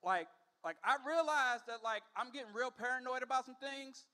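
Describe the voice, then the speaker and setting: A man's voice: very high voice, normal speed, sharp tone, smooth. A man in his forties performing a stand-up comedy set on a comedy club stage, telling stories animatedly and acting out other people's voices. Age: 40s.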